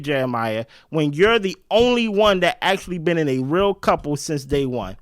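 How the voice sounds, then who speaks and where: A man hosting a casual reality show recap, talking in an animated, slangy way. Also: a little high, normal speed, hardly any pauses, dry recording, studio quality. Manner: animated, slangy, jumps into quoted voices.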